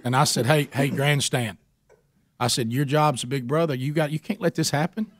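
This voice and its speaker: This is a medium-pitched male radio host in his 40s, speaking at a moderate pace in a dry recording. He's an animated storyteller delivering a comedic tale on a talk show, voicing each quoted character himself.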